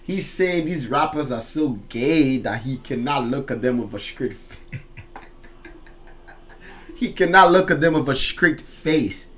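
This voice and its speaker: A man hosting a music reaction, explaining lyrics line by line in casual, slangy talk with loud excited outbursts. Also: medium pitch, a little slow.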